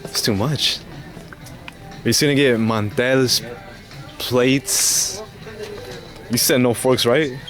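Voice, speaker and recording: A young man casually vlogging with a camcorder, slangy and quick to laugh. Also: a bit bright, faint music behind. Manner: slangy, laughing, baby-talks to his dog in a much higher voice. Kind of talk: casual vlog chat. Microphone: handheld camcorder. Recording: noisy street ambience, vehicles.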